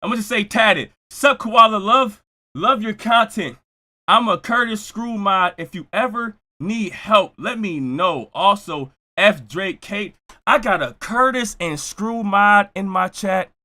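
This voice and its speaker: High bright excitable male streamer. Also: unhurried. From Buffalo, New York. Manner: loud, excitable hype, shouting out to chat. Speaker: streamer reacting to music. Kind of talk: live-stream reaction chat.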